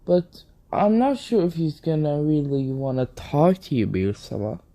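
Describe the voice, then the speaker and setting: A polite male angel attendant, calm and unhurried in his courtesy, as a man puts him on. His voice is mellow and dark. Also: on the high side. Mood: courteous.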